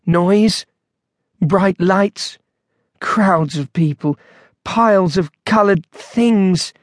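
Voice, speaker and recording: A man voicing a mild, muddled elderly gentleman, speaking vaguely and uncertainly. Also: high voice, very animated, normal speed, no room sound, clean studio sound. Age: older.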